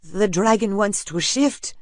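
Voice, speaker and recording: A man voicing a small, unsure boy in an audiobook, speaking softly and hesitantly. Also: sits high, expressive, unhurried, no room sound, clean studio sound, pitched above the performer's own voice. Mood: amazed. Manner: soft, hesitant. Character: timid small shapeshifter boy, young and unsure.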